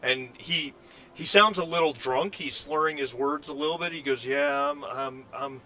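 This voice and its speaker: A man narrates a tabletop game as game master, pausing and restarting as he describes the scene. His tone is bright and forward. A faint hiss runs underneath. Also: fairly high pitch. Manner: halting, full of fillers and restarts.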